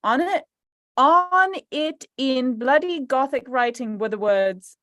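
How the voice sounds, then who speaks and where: Higher-pitched woman reading for laughs. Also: slow pace, a bit bright, no echo. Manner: playful, giggly, mock-serious. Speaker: co-host reading aloud. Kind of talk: comic dramatic reading. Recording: dry close sound.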